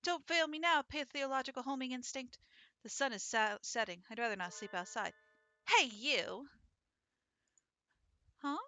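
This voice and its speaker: A woman's voice: high-pitched, fairly quick, pushed and bright, smooth, no room sound. A woman hosting a let's-play, reading a visual novel aloud in a chatty, playful way.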